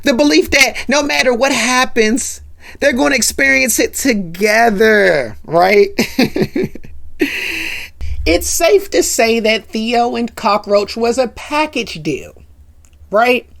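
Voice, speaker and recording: A woman's voice: a little high, lively intonation, slow pace, vocal fry, a bit bright. A woman hosting a casual commentary recap, chatty and forever tagging her lines with "right?". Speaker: host.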